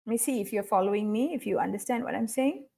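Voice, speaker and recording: Woman teaching a webinar, kinda high voice, keeps saying okay, walks thru each step. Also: fast, creaky, mellow. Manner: instructive, repeats key points, frequent "okay". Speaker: speech teacher. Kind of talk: online webinar lesson.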